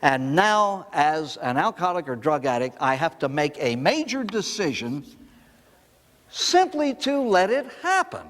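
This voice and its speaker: Older priest giving a talk, lively ups and downs, rhetorical questions, hall echo. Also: male voice, fairly high pitch, measured pace. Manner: storytelling, animated, with rhetorical questions. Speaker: priest speaking on recovery. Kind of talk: recovery talk to an audience.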